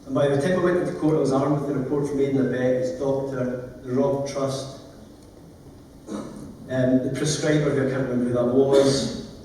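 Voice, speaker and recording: A man's voice: medium pitch, steady tone, normal speed, dark tone, recorded from a distance, a little hiss or hum. Earnest man in echoey hall. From Scotland. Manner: emotional, earnest, plain-spoken. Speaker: conference speaker, lawyer. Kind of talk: storytelling conference talk. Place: large conference hall.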